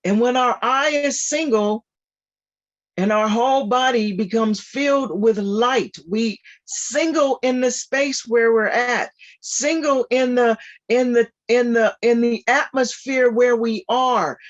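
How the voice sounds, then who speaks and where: A guest speaker giving an informal spiritual talk on a video call, animated and repetitive with frequent laughter. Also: mid-range voice, slow, highs cut off.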